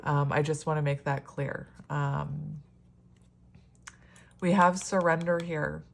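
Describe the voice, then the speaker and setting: A woman's voice: sits low, fairly even intonation, slow, gravelly, background noise. A woman in a casual solo tarot reading, chatty and rambling, often laughing and exclaiming at the cards. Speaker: tarot reader.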